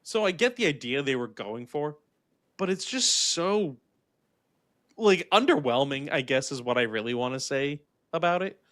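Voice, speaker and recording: Excitable man chatting, slightly high voice. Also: moderate pace. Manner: animated, laughs often, filler-heavy. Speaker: podcast co-host reviewing a film. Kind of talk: casual chat.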